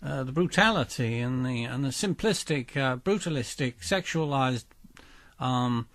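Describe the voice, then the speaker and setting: A man's voice: mid-range voice, animated, unhurried, a bit bright. A man hosts a mock-serious radio arts programme. His tone is pompous and stiff. He stumbles constantly over ums and restarts. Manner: pompous, hesitant, full of ums. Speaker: radio arts show host. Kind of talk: mock-serious spoof interview.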